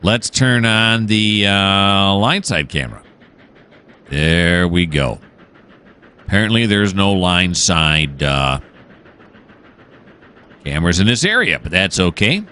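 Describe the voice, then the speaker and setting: Low, lively rambling game commentator man. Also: slow, long pauses, a little hiss or hum. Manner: rambling, easily distracted, musing aloud with many fillers. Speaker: gaming channel host. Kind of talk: casual let's-play commentary.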